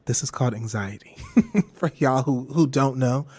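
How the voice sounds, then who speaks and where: A man hosting a podcast, telling a personal story in a candid, rambling, animated way with some swearing. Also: medium pitch, moderate pace, breathy edge. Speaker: podcast host.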